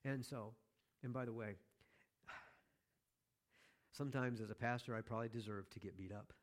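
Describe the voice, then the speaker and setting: A man's voice: medium pitch, measured pace. Male pastor, sermon, chatty, wry asides to the church. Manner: conversational, joking asides to the congregation.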